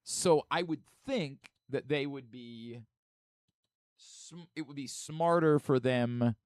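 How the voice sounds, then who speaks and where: A hoarse man hosting a sports radio show, chatting casually and joking at his own expense. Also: mid-range voice, takes it slowly, a little mellow, no echo, studio quality. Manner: self-mocking, repetitive joking. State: hoarse from singing at a concert.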